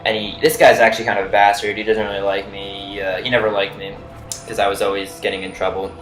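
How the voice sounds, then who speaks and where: Rambling young man with a low voice. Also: little pitch movement, quick pace, fairly bright tone, soft background music. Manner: rambling, full of "like" and "you know". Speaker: vlogger. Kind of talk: casual storytelling. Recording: roomy echo with faint noise.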